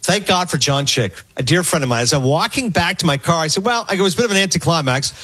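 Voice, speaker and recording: Fast-talking husky radio co-host. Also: male voice, a little high. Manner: animated, rambling anecdotes with acted quotes. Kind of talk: casual storytelling chat.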